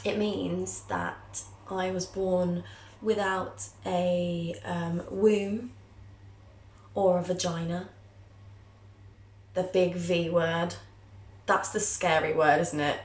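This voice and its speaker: A woman's voice: lowish voice, fairly even intonation, very slow, long pauses. Chatty, candid young woman, roomy sound. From England. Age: 20s. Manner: chatty, candid and self-mocking, playfully dramatic. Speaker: vlogger, journalism student. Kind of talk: casual personal storytelling to camera.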